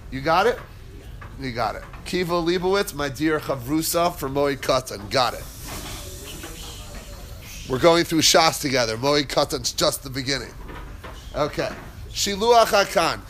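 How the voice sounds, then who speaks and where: Chatty, slightly high-voiced male Torah teacher. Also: animated, unhurried, pauses often, a bit bright, a little hiss or hum. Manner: chatty, digressive, laughs while telling stories. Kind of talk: casual Torah class with storytelling.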